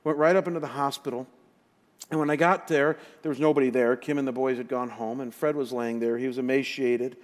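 Pastor preaching in a reverberant hall. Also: male voice, mid-range voice, brisk. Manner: emotional, animated retelling with quoted dialogue. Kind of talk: sermon storytelling. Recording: long reverb of a large hall.

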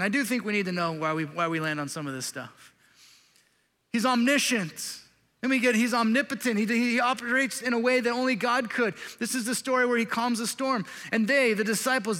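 A man preaching a sermon in a lively, conversational way, with playful asides to the congregation. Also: sits high. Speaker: pastor. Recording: reverberant hall.

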